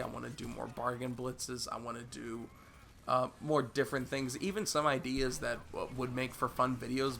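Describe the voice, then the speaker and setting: A man's voice: medium pitch, gravelly, bright, forceful tone, slight background noise. A young man with a sick voice, chatting casually in a rambling vlog Q&A about his gaming channel. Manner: rambling, repeats words and fills with "uh". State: sick, hoarse voice. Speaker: YouTube gaming channel host.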